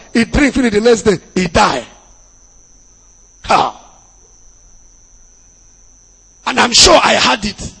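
A man with a Nigerian accent preaching as a pastor, dropping into Pidgin asides and bursting into loud emphasis. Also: very high voice, gravelly, husky. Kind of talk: sermon. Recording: long hall reverb.

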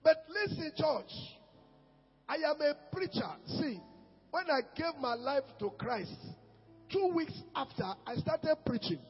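A man preaching as a pastor, swinging between shouts and low murmurs. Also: animated, a little slow. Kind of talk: sermon. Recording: echoey hall with dull sound and music.

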